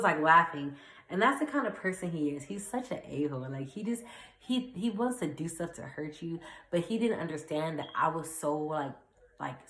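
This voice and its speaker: A young woman vlogger casually retelling a personal story, chatty and animated, full of fillers and acted-out quotes. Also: low voice. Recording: echoey room.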